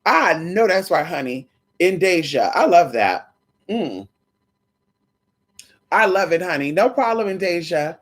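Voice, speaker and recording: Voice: medium pitch, unhurried, long pauses. A livestream host chatting casually with viewers, sassy and profane, calling them honey and girl, and slipping into quoted voices. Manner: animated, breaks into quoted voices.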